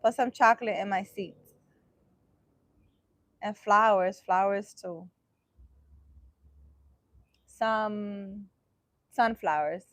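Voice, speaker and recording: A woman's voice: mid-range voice, very slow, pauses often, fairly bright tone, no room sound, clean studio sound. Playful, teasing woman livestream host. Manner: playful and teasing, emphatic, laughs often. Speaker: livestream host answering viewers. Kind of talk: casual livestream chat.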